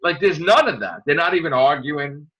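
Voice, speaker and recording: A man hosting a casual podcast chat, animated and acting out scenes with loud outbursts. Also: fairly high pitch, normal speed, highs cut off. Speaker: podcast host.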